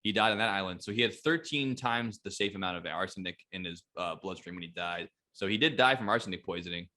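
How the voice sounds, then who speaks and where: A man's voice: deep voice, fast talker, bright, forceful tone. A man co-hosting a podcast in casual chat, with joking, profane banter. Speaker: podcast co-host.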